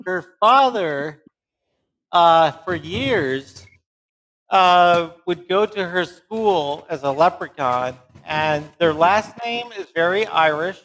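A middle-aged man with a fairly high voice who joins a live chat and spins a family anecdote. He is chatty and amused and takes his time. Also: expressive, slow, a bit bright, low-quality recording. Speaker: guest speaker. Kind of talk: casual storytelling.

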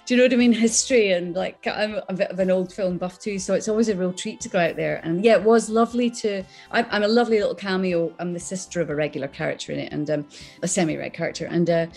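A middle-aged woman with a Scottish accent, an actress chatting as an interview guest, animated and quick to laugh. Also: mid-range voice. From born in England, raised on Islay, Scotland. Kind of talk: casual chat.

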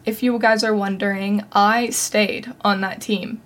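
A woman's voice: mid-range voice, level tone, unhurried, fairly bright tone. A young adult woman hosting a podcast, telling a personal story in a chatty, casual way with lots of fillers. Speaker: podcast host.

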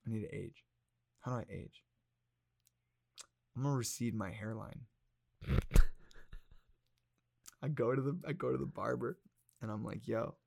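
A young man in casual podcast chat, telling a story in an animated, laughing way with plenty of swearing. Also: medium pitch, unhurried, gravelly, long pauses. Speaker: podcast guest.

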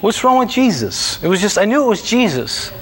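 A man giving a personal testimony in a church room, telling his story with animated storytelling and acting out his own past lines. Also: high voice, brisk, breathy edge.

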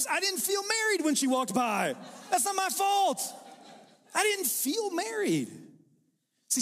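A pastor in his forties with a high-pitched, slightly rough voice preaches to a live congregation in a church hall, sounding like a big room. His sermon is conversational and joking, with animated impressions.

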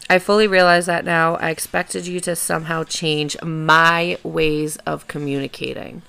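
A young woman hosting a solo confessional podcast, reading from her old journal in a candid, sweary, self-mocking way that swings between soft and loud. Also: low-pitched, creaky, smooth. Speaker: podcast host.

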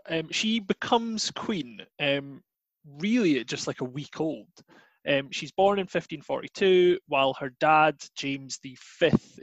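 A man's voice: fairly high pitch, fairly bright tone, no echo, low-quality recording. A Scottish man explaining history in a chatty way, with many fillers and hedges. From Scotland. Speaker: guest teacher.

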